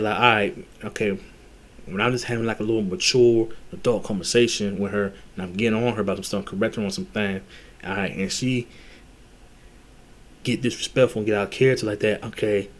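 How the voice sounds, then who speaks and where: A man giving dating advice in a casual, blunt monologue, full of slang, cursing and restarts. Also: on the low side. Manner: blunt, heavy slang and cursing, repeats himself.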